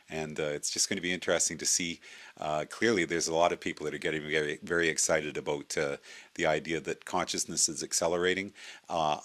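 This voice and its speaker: Low-voiced man reading his own book. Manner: hesitant with frequent uh fillers and restarts; steady reading aloud. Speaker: video blogger.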